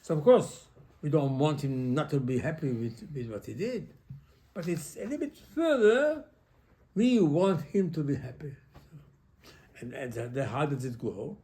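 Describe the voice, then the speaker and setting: Rabbi with a warm, mellow voice. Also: male voice, a little high, moderate pace. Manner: animated, repetitive, non-native English phrasing. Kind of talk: Torah lesson.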